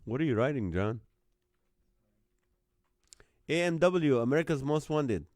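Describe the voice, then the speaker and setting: A man with a medium-pitched, slightly mellow voice and lively intonation speaks unhurriedly over clean, echo-free studio sound. He's hosting a live call-in comedy stream from home on his phone, chatting casually and laughing as he reads viewers' joke band names from the comments.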